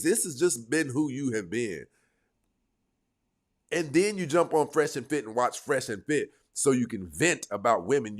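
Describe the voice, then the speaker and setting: A man giving dating advice straight to his viewers in a blunt, emphatic, lecturing manner. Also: mid-range voice. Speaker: dating coach. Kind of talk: direct-to-camera advice monologue.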